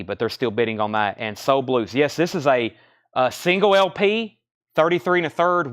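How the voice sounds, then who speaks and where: A man hosting a live record sale, briskly calling out bids and prices, out of breath. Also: mid-range voice, a bit bright, clean tone, dry recording, studio quality. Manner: brisk, matter-of-fact auctioneer patter. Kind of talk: live sales stream, rattling off prices.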